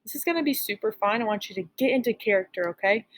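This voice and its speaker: A woman's voice: mid-range voice, fast. Woman, teacher, recorded lesson, upbeat, encouraging, mid-range voice. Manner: upbeat, encouraging, frequent "all right?" check-ins.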